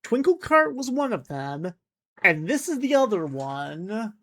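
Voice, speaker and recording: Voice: mid-range voice, big pitch swings, unhurried, a bit bright. A host giving casual, chatty commentary on a song countdown, with frequent restarts and fillers.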